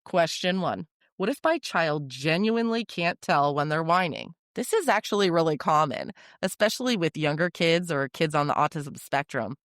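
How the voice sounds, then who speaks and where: A podcast host giving calm, direct, scripted parenting advice in an instructive way. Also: medium pitch, normal speed, few pauses, no echo, clean studio sound.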